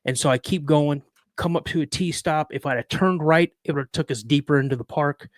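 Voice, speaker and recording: A man's voice: fairly high pitch, brisk, dry recording, clean studio sound. A man in his fifties telling a personal story as a podcast guest, in a vivid, dramatic way. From United States. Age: 50s.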